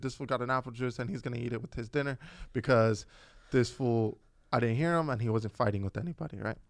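Man in his own voice, casual podcast co-host, mid pitch, dry close sound, swears and slips into his kids' voices while telling stories. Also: no room sound. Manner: animated storyteller, swears a lot, acts out his kids' voices. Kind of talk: casual chat.

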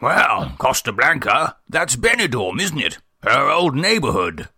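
A man voicing a fussy, chatty older English gentleman in an audiobook, with pompous, old-fashioned phrasing. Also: mid-range voice, big pitch swings, unhurried, slightly rough, dry recording, clean studio sound, exaggerated voice. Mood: genial gossip.

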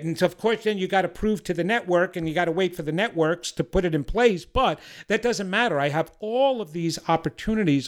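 A man speaking as a podcast guest who offers personal readings, giving an emphatic, blunt motivational talk. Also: fairly high pitch.

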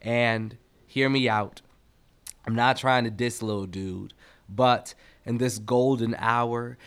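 A man reading his own poetry aloud, with an expressive, rhythmic delivery that rises and falls in loudness. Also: medium pitch, clear, resonant tone.

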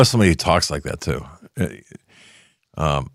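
A man's voice: rumbling low, animated, normal speed, dry recording, studio quality. A man hosting a political talk show, riffing sarcastically in a rambling monologue full of restarts. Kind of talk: casual opinion monologue.

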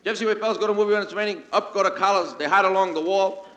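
A male stand-up comedian telling a comic story in a brisk, anecdotal way and acting out the people in it. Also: high voice, steady tone, bright, forceful tone. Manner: brisk anecdotal delivery acting out quoted characters. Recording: roomy 1951 radio broadcast with music.

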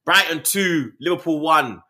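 A man's voice: a little high, a little slow. A young man, chatting about football with slang and jokes. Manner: animated, slangy, jokes and does voices. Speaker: football podcast co-host. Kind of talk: casual chat.

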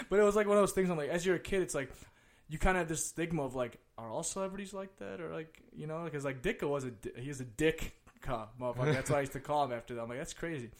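A young man from the Chicago area, hosting a loose, casual chat. His voice sits a touch high, and he tells stories with constant swearing, climbing into loud, laughing outbursts. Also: fast. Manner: animated, profane, laughs and gets loud telling stories.

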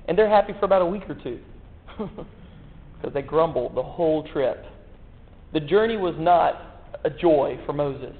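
A man preaching a sermon in a folksy, joking way, full of rhetorical questions. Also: fairly high pitch. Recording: echoey hall, tinny phone-like sound.

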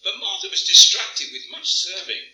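A man's voice: high-pitched, lively intonation, normal speed, pushed and bright, far from the mic. An older man preaching a sermon in a church, chatty and storytelling, stammering and chuckling as he reads and tells stories. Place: church hall. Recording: echoey church hall from afar, faint hum.

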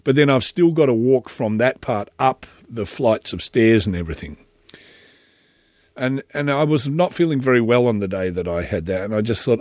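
A man's voice: mid-range voice, animated, moderate pace, darkish tone, no room sound, studio quality. Rambling, chatty Australian man. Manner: rambling and chatty, with many self-interruptions and restarts. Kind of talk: casual solo monologue.

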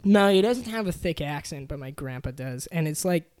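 Giggly young man, a bit high-pitched. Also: lively intonation, normal speed, darkish tone, dry recording, clean studio sound. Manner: giggly, rambling with many fillers. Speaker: guest comedian. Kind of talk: casual podcast chat.

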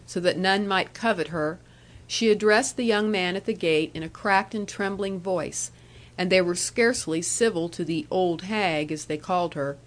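A woman narrating a classic novel as an audiobook, in a measured storytelling voice. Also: fairly low pitch. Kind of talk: reading a classic novel aloud.

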